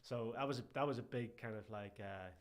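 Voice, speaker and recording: An Irish man, a strength and conditioning coach, telling lively anecdotes as a guest in a casual interview and often calling the host "mate". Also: mid-range voice, fairly quick. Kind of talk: casual podcast interview chat.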